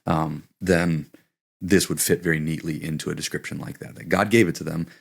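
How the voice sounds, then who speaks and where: A man's voice: extremely low pitch, fairly even intonation, fairly quick, gravelly, slightly rough. A man co-hosting a casual Bible study discussion, thinking aloud with many hesitations and restarts. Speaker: podcast co-host.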